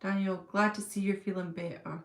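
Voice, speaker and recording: A middle-aged woman hosts a relaxed livestream, answering viewers' comments in a gushing, chatty way. Her voice carries a gravelly fry, and it rings around an echoey room. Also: medium pitch, fairly quick. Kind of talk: casual chat.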